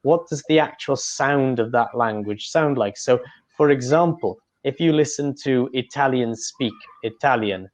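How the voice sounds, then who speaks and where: A man's voice: mid-range voice, unhurried. A man, an English tutor answering interview questions in an explanatory way, often stopping to restart. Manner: explanatory, with frequent fillers and restarts. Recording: dull lo-fi audio.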